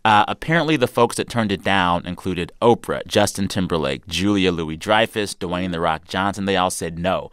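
A man's voice: low voice, moderate pace, hardly any pauses, a bit bright, clean tone, no echo, clean studio sound. A man hosting a chat show, running a quiz and telling news stories in a wry, playful way. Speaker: show host.

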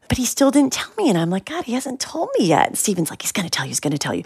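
A woman's voice: fairly low pitch, no echo, studio quality. A woman guest in an interview, telling a personal story and acting out quoted lines with whispers and shifts of voice.

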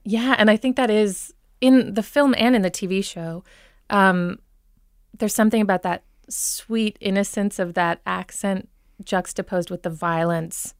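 A woman's voice: medium pitch, measured pace, clean tone, no room sound, clean studio sound. A woman with a Minnesota accent, a dialect coach, explaining accents in an enthusiastic radio conversation, with frequent ums. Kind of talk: expert guest in radio talk.

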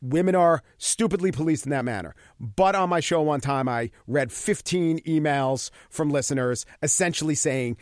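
A middle-aged man with a New York accent, a radio host answering interview questions in a talkative, opinionated way with quick asides. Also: fairly high pitch, dry recording, clean studio sound. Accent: New York area. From New York–New Jersey area. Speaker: radio show host, guest.

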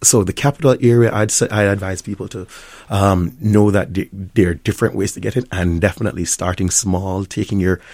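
A middle-aged man with a Jamaican accent, a restaurant owner speaking as an interview guest, animated, with frequent laughs. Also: low voice, a little fast, dry recording. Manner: animated storyteller, laughs often, many restarts. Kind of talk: conversational interview.

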